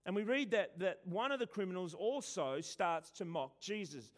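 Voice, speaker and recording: A man preaching a sermon who stresses words and swings between loud and hushed, often repeating himself. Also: high voice, animated, moderate pace, few pauses.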